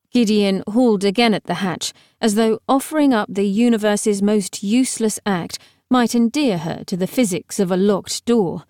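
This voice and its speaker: Woman narrating a story, wry and even. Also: medium pitch, no room sound. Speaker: audiobook narrator. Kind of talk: scripted narration. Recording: dry, close studio sound.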